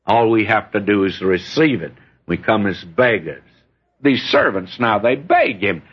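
Husky folksy preacher man, lo-fi. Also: lowish voice, big pitch swings, a little slow. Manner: folksy storytelling preacher, reads scripture aloud. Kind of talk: sermon. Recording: dull lo-fi recording.

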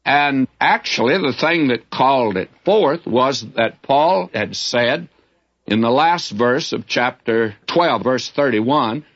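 A man's voice: medium pitch, animated, slow, fairly bright tone. An older man teaching the Bible in a sermon, candid and folksy, telling stories from his own ministry. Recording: dull lo-fi recording.

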